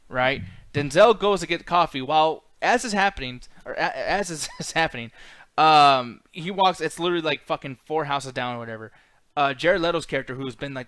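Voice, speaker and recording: Podcast co-host, male, slightly high voice, exasperated profane movie rant, dry close sound. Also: a bit bright, no room sound. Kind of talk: casual movie review chat.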